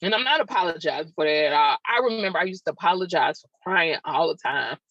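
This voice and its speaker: A woman's voice: deep voice, expressive, quick pace, fairly bright tone, no room sound. A woman hosting a podcast, telling a personal story in an emotional, raw and confiding way, with chatty asides to her listeners. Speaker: podcast host. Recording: dull lo-fi sound, dry.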